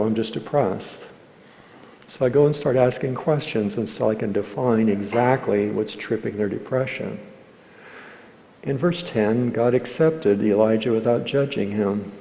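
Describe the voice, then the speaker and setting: Gravelly male pastor in a reverberant church. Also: medium pitch, slight background noise. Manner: acts out quoted scolding voices, then drops to soft caring tones. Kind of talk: sermon. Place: church sanctuary.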